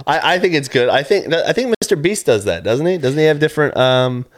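A man's voice: fairly high pitch, animated, fast. A man co-hosting a comedy podcast, chatting casually, rambling and laughing often as he acts out what people say. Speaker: podcast co-host. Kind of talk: casual chat.

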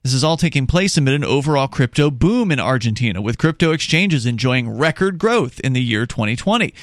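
A man's voice: medium pitch, animated, a little fast, dry recording, clean studio sound. A man co-hosting a talk show in casual chat, explaining step by step and reading news passages aloud with small restarts. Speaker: podcast co-host.

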